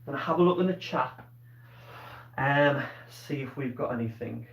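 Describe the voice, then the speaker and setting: A man's voice: mid-range voice, normal speed, gravelly. A male teacher giving a live online science lesson, asking questions and praising pupils by name. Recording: roomy, distant, dull-toned sound.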